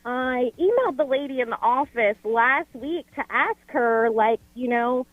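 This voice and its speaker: A woman's voice: sits high, lively intonation, unhurried, no room sound. Exasperated woman calling in by phone. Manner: exasperated, filler-heavy storytelling. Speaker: caller. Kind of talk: casual call-in chat. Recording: tinny phone line.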